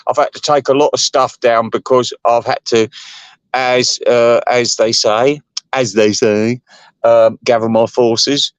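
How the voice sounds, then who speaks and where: A man's voice: medium pitch, fairly even intonation, unhurried, clean tone, no echo. Rambling, foul-mouthed man, dry sound. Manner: gossipy, profane and digressive. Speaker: channel host. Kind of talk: rambling livestream rant.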